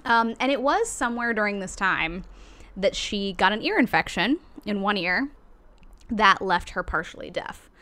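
A woman telling a story to a friend in relaxed podcast chat, her pitch sitting in the middle of the range. She is animated and casual, tosses in light swearing, and acts out little quotes as she goes. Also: normal speed.

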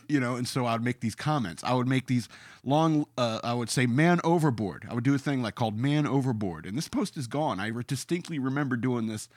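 A man's voice: mid-range voice, a little fast, dry recording, clean studio sound. A man ranting in a sarcastic, emphatic way as a podcast host, now and then reading out his own comments in a mocking voice.

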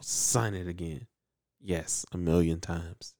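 Deep dude recapping a show, real lively pitch, bounces between voices, casual chat vibe. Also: male voice, a little slow. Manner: animated storytelling, acts out characters in voices. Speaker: podcast co-host recapping an anime.

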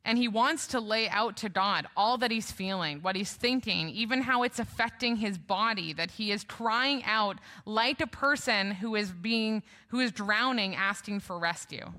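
Bright-voiced woman giving a sermon. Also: medium pitch, moderate pace, hardly any pauses. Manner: conversational, asks the congregation questions. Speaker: preacher.

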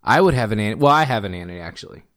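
A man co-hosting a podcast in casual chat, easygoing and quick to laugh. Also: lowish voice, expressive, fairly bright tone. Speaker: podcast co-host.

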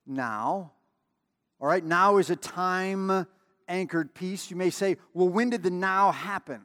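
A man's voice: high voice, a little slow, a bit bright, in a large hall. A man preaching a sermon in a conversational way, with emphatic repetition and storytelling asides. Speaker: pastor.

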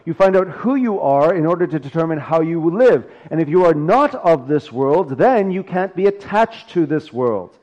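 A man's voice: on the high side, animated, moderate pace, hardly any pauses, darkish tone, muffled recording. A male pastor preaching a sermon, talking casually and joking between his scripture readings.

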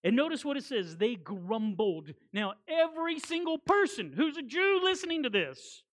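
A woman delivers a sermon as guest preacher, with a high-pitched voice. She is animated and hammers points home through repetition. Folksy, conversational asides break up the preaching. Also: moderate pace.

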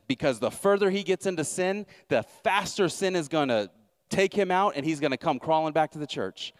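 A man's voice: on the high side, no echo, clean studio sound. A man pastor preaching a sermon, emphatic and repeating his key lines, with wry asides.

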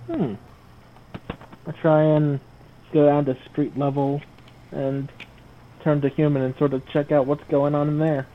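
A man's voice: fairly high pitch, flat delivery, measured pace, long pauses, phone-quality sound, a little hiss or hum. A man playing in a tabletop role-play, talking hesitantly and rambling. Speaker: player.

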